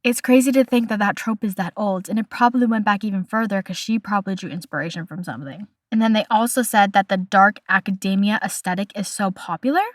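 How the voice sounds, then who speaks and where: A woman's voice: medium pitch, fast talker, few pauses, no echo, studio quality. A young woman hosting a casual podcast, chatty and opinionated, delivering playful hot takes. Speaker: podcast host.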